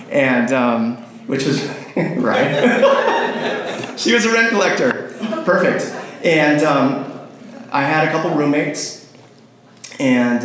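A man telling a rambling personal story, with many fillers and restarts, often laughing and acting out phone calls. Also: mid-range voice. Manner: acts out phone calls in quoted voices. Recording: very echoey room, faint noise.

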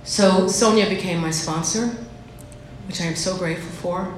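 A woman shares her recovery story at a meeting, candid and self-deprecating, in a lowish voice at normal speed. The room is echoey, with faint background noise.

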